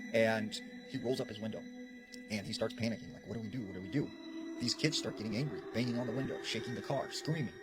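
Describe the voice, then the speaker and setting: A man with a fairly low voice retells a spooky roadside encounter, slipping into the voices of the people he quotes. Music plays clearly under his narration. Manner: acts out quoted dialogue while retelling. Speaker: storyteller. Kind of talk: recounting a paranormal encounter. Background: background music.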